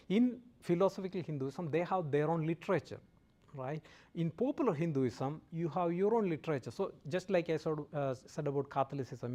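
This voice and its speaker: A man with a fairly high voice gives a relaxed classroom lecture. He keeps stopping to check in with his listeners, tossing out "okay?" and the odd light joke. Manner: jokes lightly with audience. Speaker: guest lecturer.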